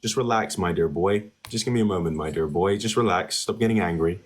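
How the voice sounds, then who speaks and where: A man hosting a live-stream debate speaks in a low, husky voice. He talks down to a caller, mocking him and repeating himself. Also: fairly quick. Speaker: TikTok live debate host.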